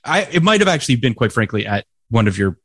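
A man's voice: medium pitch, very animated, quick pace, fairly bright tone, dry recording, clean studio sound. A man co-hosting a podcast, talking in a hesitant, hedging way. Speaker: podcast co-host. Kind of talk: casual podcast chat.

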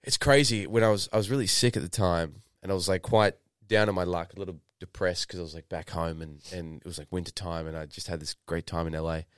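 Young Australian guy, deep and smooth, rambling storyteller, dry close mic. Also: fast talker, few pauses, no echo. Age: 20s. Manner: rambling, lots of fillers and restarts, swears casually. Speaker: podcast guest, actor. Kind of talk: casual interview storytelling.

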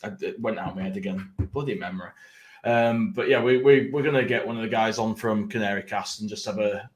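A man's voice: lowish voice, brisk, echoey room. A man hosting a casual podcast chat, rambling and self-mocking, easily breaking into laughter. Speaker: podcast host.

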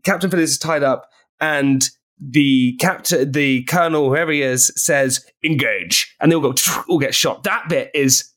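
A man in his thirties from England, a podcast guest chatting casually and telling excitable, animated stories with bursts of laughter. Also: on the high side, moderate pace. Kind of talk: casual chat.

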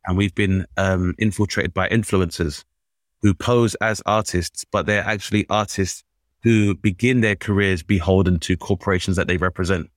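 Male host, very deep, dry close mic, earnest and wordy. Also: fairly even intonation, no room sound. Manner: earnest, deliberate, uses big abstract words. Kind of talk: casual podcast conversation.

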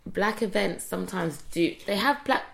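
A woman's voice: mid-range voice, normal speed, creaky, fairly bright tone. A young woman, co-hosting a podcast in casual, chatty talk full of fillers and restarts. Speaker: podcast co-host. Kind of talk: casual chat.

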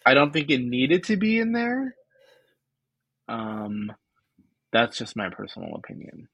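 A man's voice: medium pitch, very animated, unhurried, creaky, a bit bright, slightly rough, no room sound, lo-fi sound. A man co-hosting a podcast, casually recapping episode scenes and laughing as he quotes the characters. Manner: retells scenes with quoted lines, laughs often. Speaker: podcast co-host.

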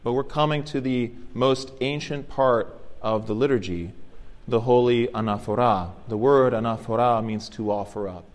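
Orthodox priest teaching in a reverberant church. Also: male voice, medium pitch, moderate pace. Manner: explanatory, gently encouraging. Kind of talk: teaching sermon during liturgy.

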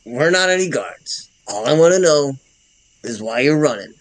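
Animated man playing a tabletop game. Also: fairly high pitch, normal speed. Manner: animated, rambling. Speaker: player. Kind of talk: tabletop role-play.

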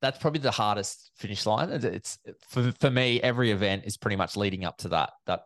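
A man, an event MC chatting in an interview as a lively storyteller, with many fillers and restarts. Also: on the low side, fast, dry recording. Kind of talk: casual interview chat.

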